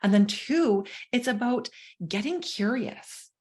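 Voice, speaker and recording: A woman's voice: a little high, animated, slow, a little mellow. A woman guest coach speaking emphatically in an interview, often adding "right?". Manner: emphatic, tags lines with "right?".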